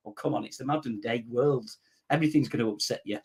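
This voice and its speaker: A man chats on a fan podcast, blunt and animated, telling stories and laughing often. His voice sits mid-range. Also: medium pitch, fast talker, breathy edge. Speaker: podcast co-host. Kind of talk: casual podcast chat.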